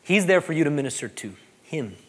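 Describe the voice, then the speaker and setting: A man, a pastor preaching a sermon, animated and joking, repeating phrases for emphasis. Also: a little high, fairly quick, breathy edge.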